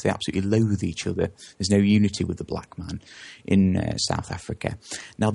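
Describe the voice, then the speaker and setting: Gravelly, husky-voiced man rambling in interview. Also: fairly low pitch, darkish tone. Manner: rambling, with frequent self-corrections. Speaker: guest. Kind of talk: conversational interview.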